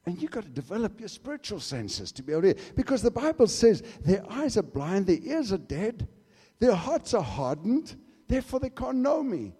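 Husky, animated male preacher in a reverberant hall. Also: high-pitched, moderate pace. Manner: emphatic, swings from hushed to shouting. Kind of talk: sermon with storytelling.

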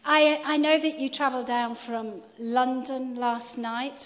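A woman interviewing a guest at a church gathering, lively and often laughing. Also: high voice, unhurried, long reverb tail, dull audio, slight background noise.

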